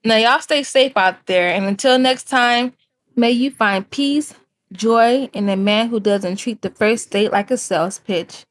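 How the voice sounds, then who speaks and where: A woman hosts a scripted commentary segment, talking straight to her audience. Her voice is slightly high, and her delivery is sassy and pointed. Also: unhurried. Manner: sassy, addresses viewers as cousins. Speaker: host.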